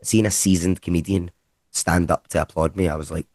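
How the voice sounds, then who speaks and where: Deep-voiced Scottish man telling stories. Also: brisk, no room sound. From Scotland. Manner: lively, rambling anecdotes with casual swearing. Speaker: comedian guest. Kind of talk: casual conversational storytelling.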